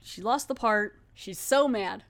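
A woman's voice: medium pitch, a little slow. Chatty woman recapping an episode. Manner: chatty, laughing, many fillers. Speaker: podcast host.

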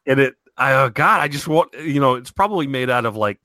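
A man's voice: medium pitch, lively intonation, brisk, bright, forceful tone, no echo. A man co-hosting a podcast in casual, rambling chat, full of fillers and restarts. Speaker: podcast co-host.

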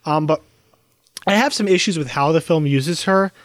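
A man's voice: fairly high pitch, moderate pace, dry recording. A man co-hosting a casual film review podcast, speaking hesitantly with many fillers.

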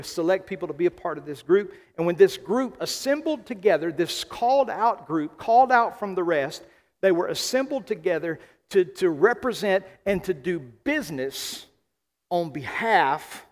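A man from the American South preaching a sermon as pastor, emphatic, slowing and repeating key phrases. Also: a little high. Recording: long hall reverb.

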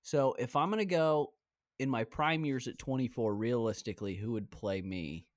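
Speaking at a medium pitch and normal speed, a twenty-something podcast host chats casually from home over a headset, recording virtually. He's brash and teasing and swears freely, and the audio is studio quality with no room sound.

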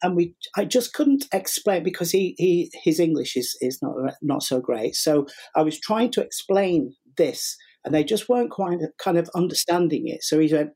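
A middle-aged man speaks as a guest in a relaxed interview. His voice is mellow and a little husky. He tells stories with lots of energy, often acting out what other people said and stopping to restart his sentences. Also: a little high, moderate pace, hardly any pauses. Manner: animated, acts out quotes, many restarts. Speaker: guest, sugar flower artist. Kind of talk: casual interview storytelling.

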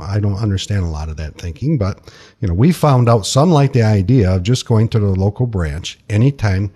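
A man's voice: on the low side, warm tone, husky. A man who is a financial advisor, talking in a plainspoken, conversational way as a guest on a radio talk show. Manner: plainspoken, conversational, uses folksy sayings.

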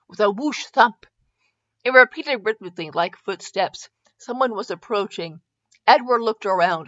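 A woman's voice: medium pitch, a bit bright, no room sound. A woman reading a comic fanfiction aloud, giggling and stumbling over words, on a slightly dull recording. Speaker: fanfiction reader.

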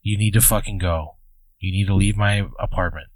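A male podcast co-host trades comic banter. He answers in blunt, indignant bursts and quick reactions, with a somewhat low voice. The sound is dry and close. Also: steady tone, no room sound.

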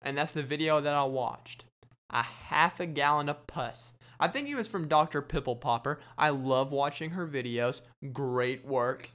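A man's voice: on the high side, normal speed, fairly bright tone. A young adult man hosting a solo comedy podcast, rambling and boasting with jokey gross-out banter. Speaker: podcast host.

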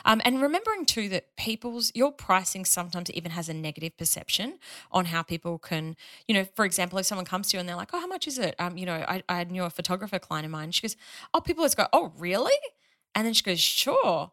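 An Australian woman, a money mentor guest on a podcast, telling stories in an emphatic, animated casual chat. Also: on the low side, fast.

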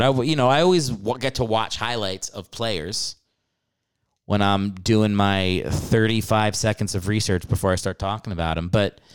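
A man's voice: mid-range voice, smooth. A man hosting a podcast, ranting about sports in a casual comedic way. He swears freely and laughs often. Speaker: podcast host.

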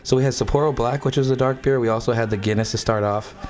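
A man co-hosting a casual chat, joking in relaxed banter. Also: medium pitch, quick pace.

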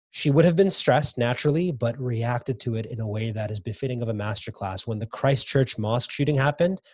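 A man being interviewed about his book, talking enthusiastically and repeating words when he gets excited. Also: mid-range voice, husky, no room sound, studio quality. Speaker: guest author. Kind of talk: casual podcast interview.

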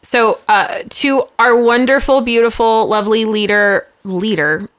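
A woman's voice: on the high side, steady tone, unhurried, a bit bright, dry recording. A young adult woman co-hosting a casual podcast, chatty and laughing often as she reads out a listener's story. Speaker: podcast co-host. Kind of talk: casual chat.

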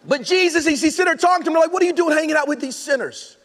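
A man's voice: extremely high pitch, rapid-fire, a bit bright. A man preaching a casual, joking sermon, talking loosely with slangy asides and restarts, in a large church auditorium. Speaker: pastor. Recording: long hall reverb from the sanctuary.

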